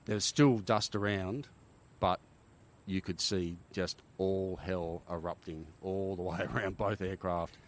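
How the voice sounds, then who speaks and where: Australian male ex-pilot guest, middle-aged, low pitch, lively storyteller, light background noise. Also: measured pace. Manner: animated war-story telling, frequent "right?" tags. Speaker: guest, former army helicopter pilot. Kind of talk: casual storytelling interview.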